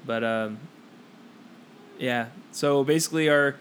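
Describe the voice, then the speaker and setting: A man's voice: mid-range voice, takes it slowly, fairly bright tone, a little hiss or hum. A young man co-hosting a podcast, rambling through a school story, laughing often and acting out the people in it. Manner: rambling, laughing, swears a lot, acts out quotes. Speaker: podcast co-host. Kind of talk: casual storytelling among friends.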